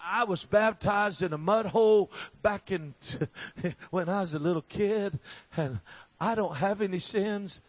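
A man preaching a revival sermon in a fervent, storytelling way that builds to emphatic shouting. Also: high voice, a little slow. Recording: slightly dull recording.

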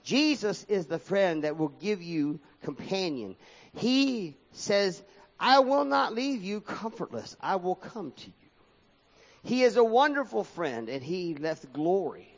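In a church hall, a man reads scripture aloud while preaching, his high voice rising and falling in a sing-song cadence with big pitch swings. He takes his time. The recording is dull and lo-fi, with a long hall reverb.

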